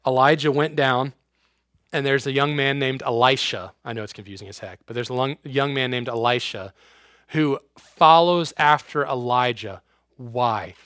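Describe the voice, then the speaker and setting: A man preaching an informal youth sermon in casual slang, swinging between loud and hushed. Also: mid-range voice, moderate pace, dry recording, clean studio sound.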